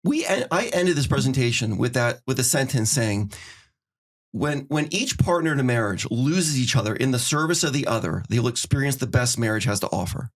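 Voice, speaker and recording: A quick-spoken middle-aged man hosting a podcast. He talks at a medium pitch and gives earnest, personal advice, slipping into little acted-out exchanges as he goes. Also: expressive. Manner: earnest, acts out little dialogues. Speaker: podcast host. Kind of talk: casual advice chat.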